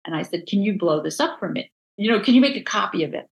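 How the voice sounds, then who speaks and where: A woman with a New Jersey accent, a book designer telling stories in a casual interview, animated and full of restarts. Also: medium pitch, fast talker, creaky, rough recording. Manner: animated, acts out quoted voices, many restarts.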